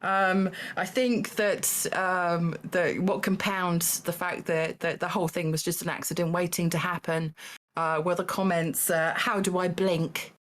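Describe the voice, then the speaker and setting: Lowish woman hosting a stream, lots of ums and little laughs. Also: flat delivery. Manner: halting, lots of fillers and small laughs. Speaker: Taskmaster host. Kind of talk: casual live-stream hosting.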